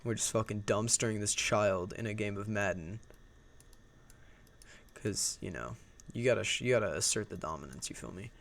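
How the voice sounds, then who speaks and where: A man's voice: lowish voice, moderate pace, gravelly, pauses often, fairly bright tone. A young man telling a personal story in a loose, profane, rambling storytime vlog.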